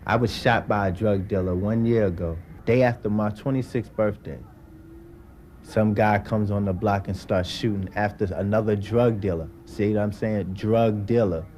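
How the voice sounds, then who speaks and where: A young man in his twenties speaks with a low, dark voice. He hammers his point home and repeats key words for stress, with faint noise behind him. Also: fairly even intonation, moderate pace. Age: 20s. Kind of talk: emphatic testimony.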